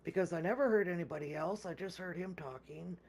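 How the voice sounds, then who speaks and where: Casual gamer storyteller, mid pitch, rambling, stop-start delivery. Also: brisk, a little mellow, husky. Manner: rambling, with many restarts and repeated words; acts out others' lines in quoted speech. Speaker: gamer recounting a game session.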